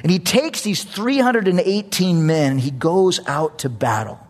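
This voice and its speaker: A man preaching a sermon, telling a story with animated energy and repeating phrases for emphasis. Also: high-pitched, unhurried.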